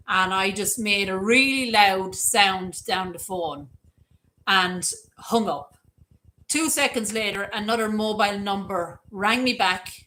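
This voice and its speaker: A woman's voice: mid-range voice, unhurried, pushed and bright, low-quality recording. A middle-aged Irish woman hosting a livestream, chatting and rambling through stories. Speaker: livestream host. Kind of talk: casual livestream chat reading comments.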